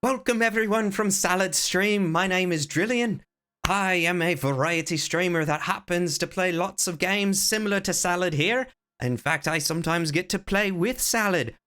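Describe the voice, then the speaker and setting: A man chatting casually on a live game stream, playful and joking, sometimes hamming up a deliberately bad Irish accent, at a desk microphone at home. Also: high-pitched, pushed and bright. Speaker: variety streamer. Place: home room with closet doors.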